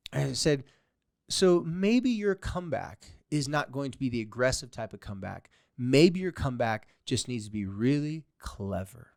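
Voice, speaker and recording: A man's voice: medium pitch, clean tone, no room sound, clean studio sound. Man telling a story on a podcast. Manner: storytelling, acts out quoted exchanges with a mocking sweetness. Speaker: podcast host and therapist. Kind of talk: solo podcast talk.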